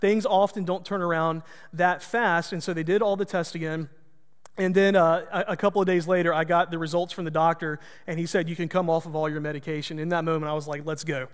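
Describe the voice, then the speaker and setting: A man's voice: on the high side, little pitch movement, brisk, clean tone, big-room sound. A man, a pastor, telling a personal story in a folksy, self-deprecating sermon.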